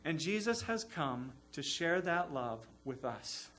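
Guy preaching a sermon, pretty high bright voice, earnest, keeps hammering the same phrases. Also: big pitch swings, slow pace, a little hiss or hum. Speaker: pastor.

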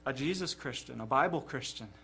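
A man's voice: medium pitch, expressive, brisk, creaky, a bit bright, slightly rough. A man preaching a sermon in an earnest, emphatic way, often repeating words as he presses a point.

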